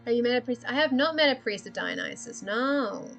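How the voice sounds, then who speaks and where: A woman's voice: on the high side, animated, fairly quick, creaky, fairly bright tone, faint music behind. Rambling, giggly woman thinking aloud. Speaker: streamer. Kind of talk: casual livestream chat while drawing.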